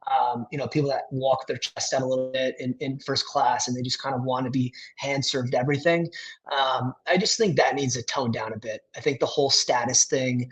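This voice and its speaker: A man's voice: medium pitch, steady tone, brisk, poor audio. A man talking casually as a podcast guest, rambling with lots of fillers and restarts.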